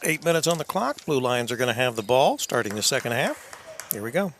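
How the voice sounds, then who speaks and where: A man co-commentating on a high school basketball game in a relaxed, chatty way. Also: a little fast, a little hiss or hum. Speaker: color commentator. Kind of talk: local sports commentary.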